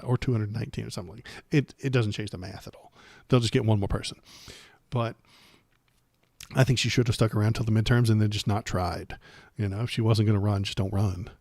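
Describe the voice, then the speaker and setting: A man's voice: lowish voice, vocal fry, darkish tone, no room sound, clean studio sound. A man hosting a casual political livestream, talking sarcastically and rambling with many fillers and restarts.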